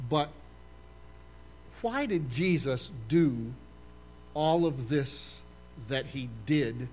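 A man's voice: medium pitch, slight background noise. An older male pastor giving a conversational sermon in a church, often stopping to put questions to his listeners. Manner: quizzes the congregation with questions.

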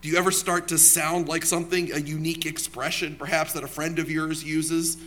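A man's voice: a little high, level tone, brisk, a bit bright. A young man preaching a sermon in a church, talking conversationally, asking the congregation questions and telling personal stories.

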